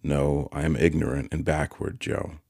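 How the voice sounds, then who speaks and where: A man voicing a troubled young boy in an audiobook, quiet and downcast, close to his own reading voice. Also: very deep voice, flat delivery, moderate pace, creaky, dry recording, heavily acted.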